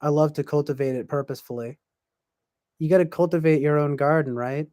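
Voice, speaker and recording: A man's voice: fairly high pitch, fairly quick, dark tone, no echo. A man hosting a podcast, talking in a casual, rambling way with lots of fillers and restarts. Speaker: podcast host.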